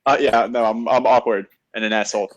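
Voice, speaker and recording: A man co-hosting a live-stream podcast in a casual chat, halting and self-deprecating, with many uhs. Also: mid-range voice, steady tone, muffled recording. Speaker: podcast co-host.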